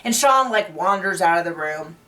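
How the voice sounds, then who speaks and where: A woman's voice: fairly low pitch, lively intonation, moderate pace, bright, forceful tone, recorded from a distance. A woman recapping a reality TV episode in casual, chatty talk, laughing often and full of fillers and restarts. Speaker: recap show host.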